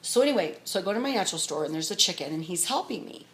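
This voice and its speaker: Middle-aged lady vlogging, rambly and excited, talks fast, kinda low voice. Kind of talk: casual storytelling to camera.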